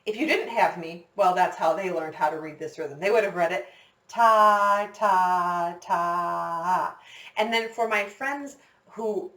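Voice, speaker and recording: A woman music teacher leads a children's recorder lesson in a classroom with a whiteboard, patiently encouraging the students and counting them in. Her voice is medium-pitched and animated at a moderate pace, recorded with a distant mic in an echoey room.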